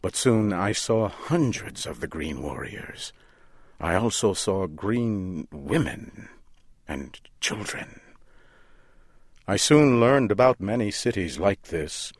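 A man reading a story aloud in a slow, measured and deliberate way, as the narrator. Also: sits low, very animated, dry recording, studio quality.

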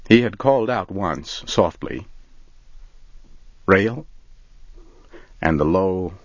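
A man reading a story aloud in a calm, measured way, in a dull lo-fi recording. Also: deep voice, no room sound. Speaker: narrator.

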